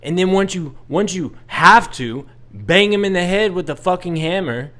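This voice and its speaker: A man in his thirties, exasperated and venting bluntly, with a slightly high voice. His tone is smooth and clear, with the odd curse word slipping in. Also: lively intonation, normal speed, few pauses, sharp tone. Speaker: vlogger. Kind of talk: casual storytelling rant.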